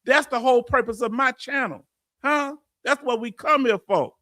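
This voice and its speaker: High-voiced Southern man, folksy livestream host. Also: normal speed, dry recording, clean studio sound. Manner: folksy, preacher-like, animated. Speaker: veterans benefits channel host. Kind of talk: livestream reading viewer comments.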